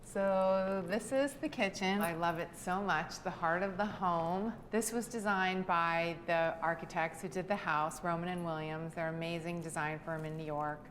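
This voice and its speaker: A middle-aged woman giving a relaxed, gushing tour of her house, talking about its design and furnishings. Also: on the low side, moderate pace, hardly any pauses, faint music behind. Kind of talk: video house tour narration.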